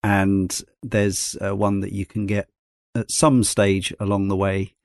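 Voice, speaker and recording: A man's voice: low-pitched, flat delivery, unhurried, no room sound, clean studio sound. A man hosting a podcast, talking through a game in a thoughtful, rambling way and passing questions to his co-hosts. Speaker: podcast host. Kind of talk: casual game discussion.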